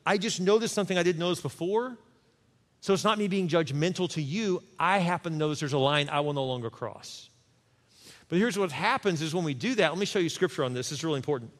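A man preaching a sermon as pastor, animated and conversational, acting out little quoted voices. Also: high-pitched. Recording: long reverb of a large hall.

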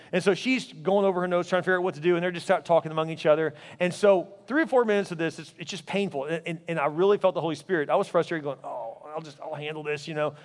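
Middle-aged man, pastor, high and fast delivery, animated sermon storyteller, long church-hall reverb. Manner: animated storytelling, acts out quoted voices. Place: church sanctuary.

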